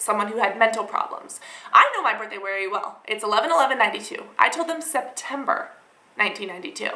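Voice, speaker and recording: Young woman vlogger rambling through a storytime, kinda high voice, lots of likes and ums, echoey room. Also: pushed and bright. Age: young adult. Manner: rambling, dramatic retelling with many fillers. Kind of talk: storytime vlog.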